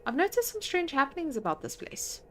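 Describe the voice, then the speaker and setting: A devout, sharp-tongued old housekeeper, played by a woman, prim and quick to take offense. Her voice sits fairly high, with music playing softly behind her. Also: sing-song. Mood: indignant.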